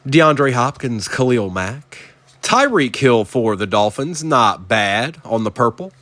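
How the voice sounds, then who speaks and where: A man running a live card break at a middling pitch for his sex. He rattles off player names in quick runs and chats casually with the people watching, speaking in an even, conversational way. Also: no room sound.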